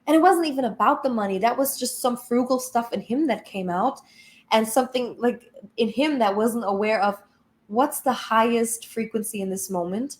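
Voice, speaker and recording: Woman coach, fairly high voice, emphatic, blunt, swears casually. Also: normal speed. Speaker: spiritual coach. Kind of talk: motivational talk.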